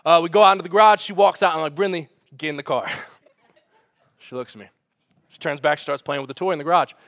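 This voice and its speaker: A man, a pastor preaching a sermon with funny family stories and lively asides. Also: fairly high pitch, fast talker, no echo. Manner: storytelling with humor, animated asides.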